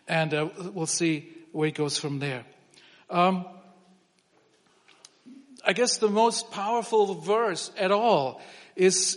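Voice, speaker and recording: A man preaching a sermon in a relaxed, conversational way, often restarting his phrases. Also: a little high. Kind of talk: sermon with humor. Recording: long reverb of a hall.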